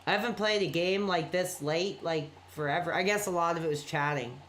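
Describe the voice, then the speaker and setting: A man's voice: a little high, brisk, fairly bright tone, slight background noise. Rambling apologetic man streaming late at night. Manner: rambling, apologetic, reacting to chat messages. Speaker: live streamer. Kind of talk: casual late-night live-stream chat.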